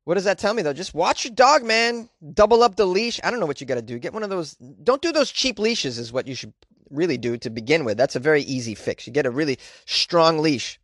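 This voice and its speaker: A man's voice: on the high side, expressive, brisk, fairly bright tone, no room sound. Wisecracking male podcast host, dry sound. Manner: sarcastic, crude, rambling, talks to himself. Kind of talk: comic news commentary.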